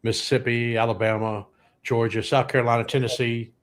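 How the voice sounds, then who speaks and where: A man's voice: mid-range voice, little pitch movement, a little fast. A man, a guest comedian telling rambling anecdotes with dry punchlines. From Louisiana, US. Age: 60s. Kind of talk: comic storytelling on a podcast.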